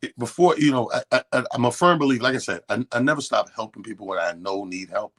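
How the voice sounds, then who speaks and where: A husky-voiced man tells a long story on a radio show, loose and profane. He acts out both sides of an old argument as he goes. His pitch sits in a middle range. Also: fast talker, a bit bright. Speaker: radio co-host. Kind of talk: casual storytelling chat. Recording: radio studio.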